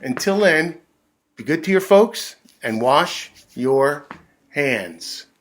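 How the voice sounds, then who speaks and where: A man reading a children's picture book aloud in a gentle, drawn-out, expressive way, then chatting to the kids. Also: on the high side. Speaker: storyteller for children.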